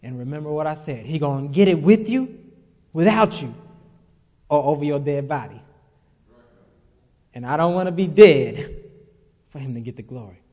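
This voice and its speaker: A man preaching to a congregation in a voice pitched well above most men's. He builds his points by repeating phrases and firing questions at the room. His words trail off into a long church-hall reverb. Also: animated, normal speed, long pauses, mellow. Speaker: pastor. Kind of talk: sermon.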